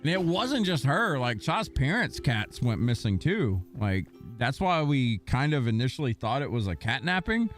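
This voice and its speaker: Animated, swearing young man telling stories. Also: mid-range voice, moderate pace, hardly any pauses. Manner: rambling, profane storytelling. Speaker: gaming streamer. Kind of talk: casual stream chat. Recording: faint music behind.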